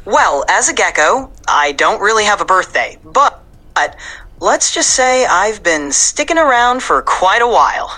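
A woman's voice: mid-range voice, big pitch swings, unhurried, bright, forceful tone. A computer-generated female voice of an AI assistant, upbeat and accommodating, chatting like a podcast guest. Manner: upbeat, accommodating, eager to please.

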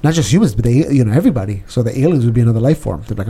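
Man, podcast host, casual chat, dark mellow tone, playful, curious. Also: medium pitch, animated, racing, husky. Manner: playful, testing, laughs often.

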